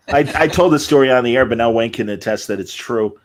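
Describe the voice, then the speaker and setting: A man's voice: mid-range voice, fast. A man hosting a casual podcast chat, telling rambling, enthusiastic stories and acting out what people said. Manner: rambling, enthusiastic storyteller who acts out quotes. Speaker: podcast host.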